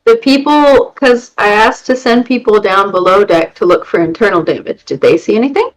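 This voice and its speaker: A player runs the ship in a commanding way, handing out orders. The voice is lively and swings widely in pitch, with faint music in the background. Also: moderate pace, low-quality recording. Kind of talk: tabletop game chat.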